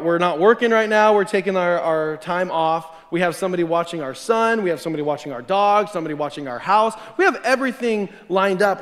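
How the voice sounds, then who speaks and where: A man preaching a sermon as a personal story, talking conversationally and chuckling between sentences. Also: a little high. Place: church sanctuary. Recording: long hall reverb.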